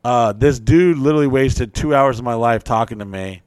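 A man with a mid-range voice hosts a casual podcast chat at a moderate pace, with no room sound. He swears freely and tells stories animatedly, acting out other people's voices.

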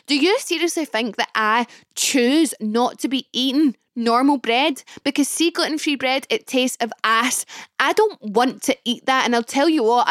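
A Scottish woman in her early twenties with a Glasgow accent, hosting a podcast and telling a personal story in a chatty, expressive way with comic exaggeration. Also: a little high, no echo, studio quality. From Scotland. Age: early 20s. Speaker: podcast host. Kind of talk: casual storytelling monologue.

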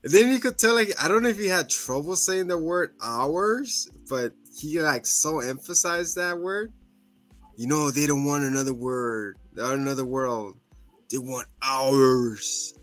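A man's voice: on the high side, expressive, unhurried, fairly bright tone, no echo, faint music behind. A man co-hosting a casual podcast chat, laughing often and acting out quotes in funny voices. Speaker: podcast co-host.

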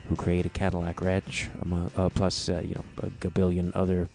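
A man with a Chicago accent hosting his own podcast, speaking in a halting, reflective way with frequent restarts. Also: low voice, completely flat delivery, gravelly, warm tone, faint music behind. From Midwestern United States. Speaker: podcast host. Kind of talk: casual solo podcast intro.

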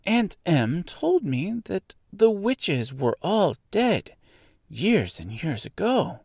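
A man's voice: high voice, very animated, slow, creaky, darkish tone, slightly rough, no room sound, clean studio sound, voice pushed up, exaggerated voice. A man voicing a polite, frightened little farm girl in a storybook reading. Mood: wondering.

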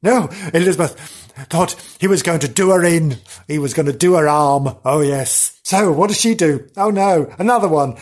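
A host at an even, middle pitch who tells ghost stories like juicy gossip. The delivery is theatrical, with frequent gasps and oh dears, and stays in a comic storytelling mode. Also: normal speed.

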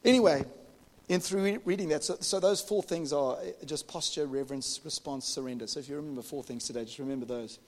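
Pastor preaching in a reverberant hall. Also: male voice, on the high side, fast. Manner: animated storytelling, jokes with the congregation. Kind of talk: sermon.

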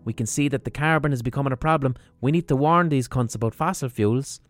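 A man's voice: mid-range voice, quick pace, soft background music, lightly acted. An Irish man voicing bemused, foul-mouthed alien visitors who talk in a casual, offhand way. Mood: earnest. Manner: swearing, chatty, offhand.

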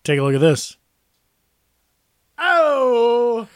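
A man's voice: a little high, sing-song, fairly quick, no echo. A man co-hosting a podcast in casual chat, cracking dry jokes. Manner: dry joking quips. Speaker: podcast co-host.

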